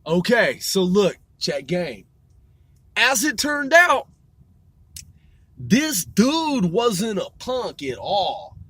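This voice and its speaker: This podcast host, a man in his forties, speaks extremely slowly with long pauses, his high, husky, fairly bright voice swooping wildly in pitch. He's ranting casually while driving a moving car, swearing a lot and correcting himself, on a dry mobile recording.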